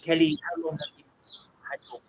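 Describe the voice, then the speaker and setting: A man co-hosting a live stream from his garden, chatting casually and reading out viewer comments. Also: a little fast. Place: outdoors in a garden. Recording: noisy outdoor sound with birdsong. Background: birdsong.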